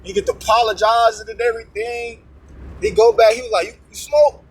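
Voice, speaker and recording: A man's voice: extremely high pitch, steady tone, brisk, slightly rough, poor audio. A man casually telling a testimony story, acting out both sides of a tense confrontation in streetwise slang. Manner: streetwise slang with frequent profanity.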